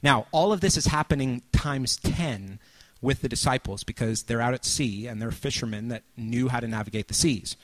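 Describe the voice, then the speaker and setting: A man at medium pitch preaches a sermon, painting a scene for his listeners. He talks loosely with fillers, then acts out moments, rising to cries or dropping to a near-whisper. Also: moderate pace. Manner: storytelling, acts out scenes with sudden shouts and hushed asides.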